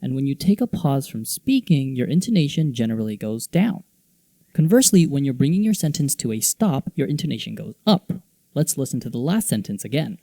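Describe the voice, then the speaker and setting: A man hosting a teaching video, explaining intonation in clear scripted narration and acting out example phrases. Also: mid-range voice, sing-song, brisk, dark tone, no room sound. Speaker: English teaching video host.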